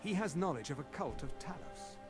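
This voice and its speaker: A man playing a stern male elf soldier in a fantasy video game, brushing people off in a curt, dismissive way. His voice sits fairly high for a man. Loud game music plays behind him. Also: expressive, brisk, natural voice. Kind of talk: game voice acting.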